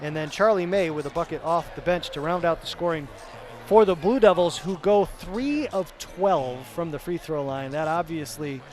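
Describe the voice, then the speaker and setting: A man's voice: fairly high pitch, moderate pace, a little mellow. A male sports announcer giving a postgame wrap-up, rattling off player stats in a chatty, self-correcting way. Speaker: play-by-play announcer.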